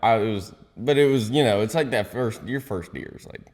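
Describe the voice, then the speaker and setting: Young guy, deep voice, animated podcast guest who cusses and whispers asides. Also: a little fast, big-room sound. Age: young adult. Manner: animated storyteller, swears freely, mutters asides in a whisper. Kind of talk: casual storytelling.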